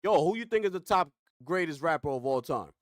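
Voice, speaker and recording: A man's voice: on the high side, lively intonation, brisk, no room sound, clean studio sound. A man reacting to a clip on a gaming stream, ranting with rhetorical questions and slang.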